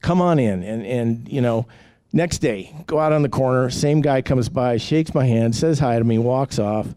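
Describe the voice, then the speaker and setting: A man's voice: mid-range voice, moderate pace, dark tone, clean tone, no echo. A man giving a rambling, candid personal testimony, full of fillers and restarts. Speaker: testimony speaker.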